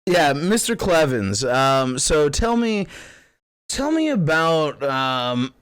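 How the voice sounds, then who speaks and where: A man's voice: on the high side, big pitch swings, takes it slowly, a bit bright, clean tone, no echo. A man hosting a comedic call-in show, playful and laughing often. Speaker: host.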